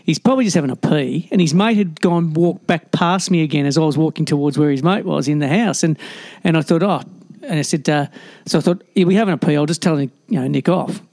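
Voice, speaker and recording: A man's voice: fairly high pitch, fast, gravelly, darkish tone. An older Australian man co-hosting a radio show, telling a rambling story and acting out the voices in it. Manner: rambling anecdotal, acts out quoted voices. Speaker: radio co-host. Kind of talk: casual radio chat, storytelling.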